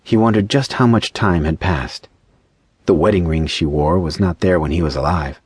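A male audiobook narrator with a very low, husky voice reads a story in a measured, even way. The close mic gives a dry, dead sound with no room around it. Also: dry recording. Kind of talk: scripted narration.

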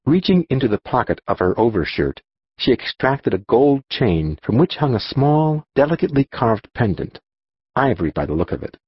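A man narrating a children's audiobook in an expressive storytelling manner. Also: mid-range voice, normal speed, slightly rough, no room sound, muffled recording. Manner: expressive storytelling, voicing dialogue.

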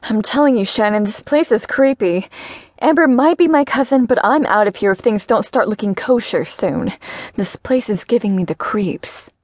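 A woman voicing a loud, fed-up young woman. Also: mid-range voice, animated, moderate pace, dry recording, clean studio sound, lightly acted. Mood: annoyed, fed up. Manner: loud and blunt, swears freely. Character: annoyed, brash young woman ready to quit.

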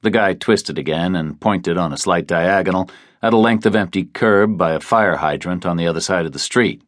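Male thriller audiobook narrator, very low voice, dry studio sound. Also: normal speed, no echo. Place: recording studio.

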